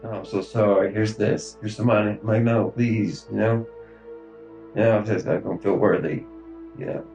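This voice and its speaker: A man in his thirties speaking in a recorded police interview, halting and grief-stricken, with many fillers and trailing pauses. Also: fairly low pitch, fairly even intonation, dark tone, faint music behind, low-quality recording. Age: 30s.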